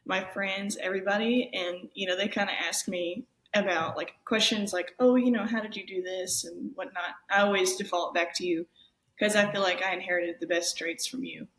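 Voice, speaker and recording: A young woman in her twenties with a faint Southern accent, a guest talking casually in a relaxed way. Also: mid-range voice, moderate pace. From Arkansas, US South. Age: 20s. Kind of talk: casual chat. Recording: echoey room.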